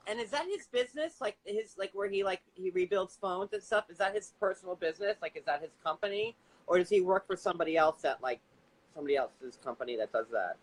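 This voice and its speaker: Rambling, swearing live-stream host. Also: male voice, high voice, fast talker, low-quality recording. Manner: rambling, full of "like" fillers, swears when excited. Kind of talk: casual live-stream interview.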